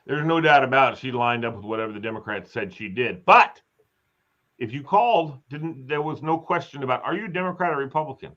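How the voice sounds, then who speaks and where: A man hosts a casual live chat, rambling through stories and acting out quotes in a chatty way. His mid-range voice is expressive, brisk, bright and forceful, and the recording has a slightly dull lo-fi sound.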